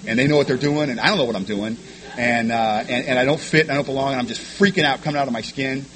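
A man's voice: medium pitch, fairly bright tone, rough recording. A man sharing his personal recovery story with a meeting, frank and self-deprecating, often stumbling over repeated words. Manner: rapid, stumbling repetitions of words.

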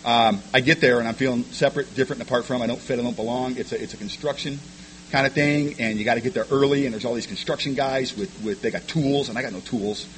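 A man speaks to a meeting about his own recovery, his words tumbling out quickly and often doubling back on themselves. His tone is frank and self-mocking, pitched in an ordinary middle register. A faint hum sits under the voice. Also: fairly even intonation, low-quality recording. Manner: rapid, stumbling repetitions of words. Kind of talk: personal testimony to a meeting.

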